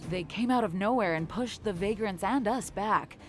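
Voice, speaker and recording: A shaken young woman miner stammers out her account in a flustered way, voiced by a woman. Her voice sits at a middle pitch. It is video game voice acting. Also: moderate pace, soft background music, natural voice.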